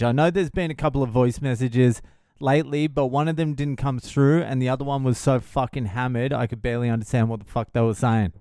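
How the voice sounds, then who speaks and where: Man, comedian podcast host, profane comic storytelling, blunt, laughs at own jokes, smooth resonant voice, dry close recording. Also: mid-range voice, darkish tone, no room sound. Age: adult father of a young child.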